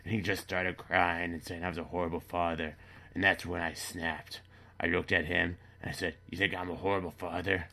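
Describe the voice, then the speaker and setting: A man delivering a rambling, matter-of-fact comedy monologue with halting restarts. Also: sits low, flat delivery, creaky, pushed and bright. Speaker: comedy character monologue host. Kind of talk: deadpan dark comedy monologue.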